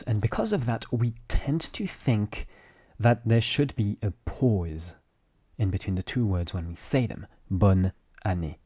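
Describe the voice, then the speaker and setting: A man's voice: on the low side, dark tone, slightly rough. A man with a French accent, a native French speaker, giving a casual pronunciation lesson and patiently repeating examples step by step. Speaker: French teacher.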